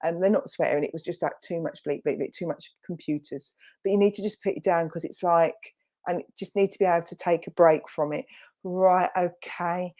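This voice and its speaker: A woman with a Romford accent works as a spiritualist medium during an online church service, heard over a video call. She talks in a chatty, reassuring way, full of fillers and quick self-corrections. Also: on the low side, steady tone, a little mellow. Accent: Romford, Essex.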